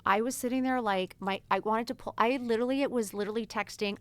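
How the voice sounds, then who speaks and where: A woman's voice: a little high, quick pace, hardly any pauses, no echo. A woman in her forties hosting a podcast, talking candidly and swearing freely while she acts out conversations. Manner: frank and animated, swears freely, acts out quoted exchanges. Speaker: podcast host answering follower questions. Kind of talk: candid casual chat.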